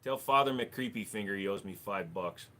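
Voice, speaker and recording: A man's voice: fairly low pitch, moderate pace, bright, forceful tone. A man hosting a casual livestream, reading chat messages aloud and answering with crude jokes. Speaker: livestream host.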